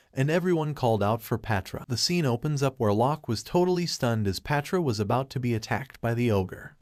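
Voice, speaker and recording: A man narrates a manga recap in a steady storytelling voice, relaying every exchange as reported speech. His pitch sits in the middle range, and the recording is close and dry with no room sound. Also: dry recording. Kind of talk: scripted narration.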